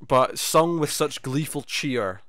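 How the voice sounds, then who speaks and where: A man's voice: on the high side, expressive, takes it slowly, a bit bright, no room sound. A man co-hosting a podcast, recapping a TV episode in a rambling, amused way. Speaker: podcast co-host. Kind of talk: casual TV review chat.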